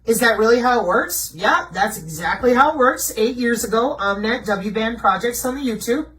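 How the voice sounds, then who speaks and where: A woman's voice: fairly high pitch, animated, normal speed, a bit bright, recorded from a distance, low-quality recording. A woman presenting slides in a blunt, mocking way, asking herself rhetorical questions and answering them. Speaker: video presenter. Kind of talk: conspiracy commentary over slides.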